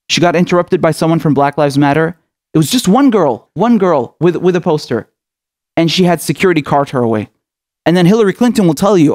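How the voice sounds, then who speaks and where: A man's voice: on the high side, darkish tone. A man hosting a political commentary show, delivering an impassioned, outraged rant full of swearing.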